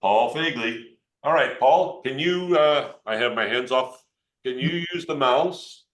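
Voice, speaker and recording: A man's voice: medium pitch, measured pace, fairly bright tone. Playful man demonstrating over a video call. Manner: playful, joking, talks to a child. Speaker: geologist demonstrating an electron microscope.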